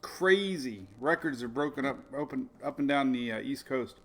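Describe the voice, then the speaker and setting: A middle-aged man hosting a casual weather livestream, rambling excitedly and laughing often. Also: mid-range voice, normal speed. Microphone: phone or webcam on a live video stream.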